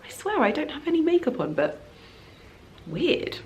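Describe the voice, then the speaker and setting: A woman's voice: sits high, sing-song, moderate pace, a little mellow, soft background music. A woman in her thirties from England, chatting casually and gushingly to camera while vlogging outdoors in her home garden. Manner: chatty, gushing, restarts and trails off. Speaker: lifestyle vlogger. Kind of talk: casual vlog chat.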